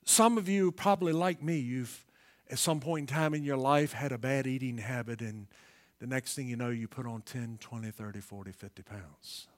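A male pastor preaching a sermon in a folksy way, asking the congregation questions and swinging from hushed whispers to loud emphasis. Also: mid-range voice, normal speed.

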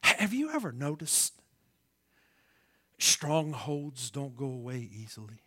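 Delivering a homespun sermon, a pastor quizzes his listeners and ranges from quiet whispering to loud, emphatic bursts. He speaks at a measured pace in a mid-range, sing-song voice.

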